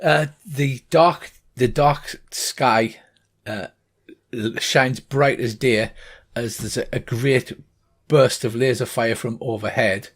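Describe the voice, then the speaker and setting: Middle-aged man, game master, narrating a tabletop game, halting delivery, lots of ums, mid-pitched voice. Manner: halting, full of ums and uhs.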